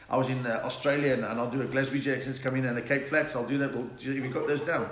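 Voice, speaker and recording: A man's voice: mid-range voice, fast talker. A South African man, a comedian, chatting and telling jokes on a live stream from home and answering viewers' requests. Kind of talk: live-stream joke chat. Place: home during lockdown. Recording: echoey room, faint noise.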